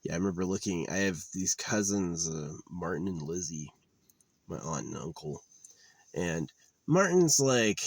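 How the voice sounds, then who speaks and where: A young man talking in a rambling, halting monologue, bitter and blunt, sometimes close to tears. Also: low-pitched, no echo. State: tearful.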